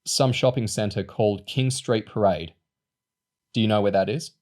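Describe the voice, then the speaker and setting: A man reading a calm teenage boy agent. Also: fairly low pitch, normal speed, natural voice. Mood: matter-of-fact.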